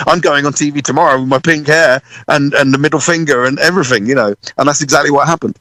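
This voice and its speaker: Animated British man telling a story. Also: fairly high pitch, fast talker, no room sound, rough recording. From United Kingdom. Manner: lively, swears freely, acts out voices and laughs often. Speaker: guest drummer. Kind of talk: animated storytelling in a radio interview.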